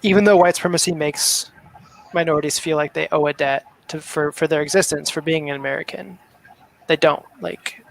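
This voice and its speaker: A man speaks in a casual book discussion. His voice is fairly high with a strong gravelly fry. He talks in a thoughtful, reflective way. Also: a little fast, low-quality recording. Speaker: book club member.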